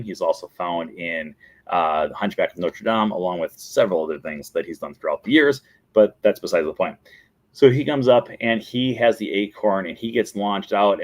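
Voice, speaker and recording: A man with a fairly low voice hosts his own talk show in a casual, chatty way. He is eager and enthusiastic as he retells scenes and quotes characters along the way. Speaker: show host.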